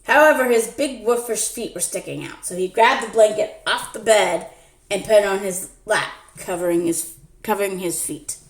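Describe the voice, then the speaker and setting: A woman telling a story in a playful, casual way and hosting her own channel. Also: medium pitch. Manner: slow, playful narration. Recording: echoey room.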